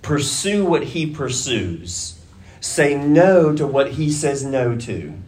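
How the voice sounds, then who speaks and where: A man preaching a sermon at an unhurried, deliberate pace, his voice sitting at an ordinary middle pitch. He lays out his points carefully and leans hard into repeated admonitions when he presses them home. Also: sing-song, a little mellow. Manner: slow, deliberate preaching that rises to emphatic urging. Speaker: pastor.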